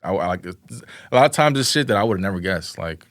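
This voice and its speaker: A man's voice: sits low, lively intonation, fast talker, fairly bright tone, no echo, studio quality. A young man, a podcast guest, telling his story in casual, slangy speech full of fillers and quoted asides. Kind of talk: casual interview chat.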